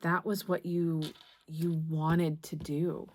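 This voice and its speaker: Low-voiced gentle woman tarot reader. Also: little pitch movement. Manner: gentle, reassuring, halting with many restarts. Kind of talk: tarot reading to camera.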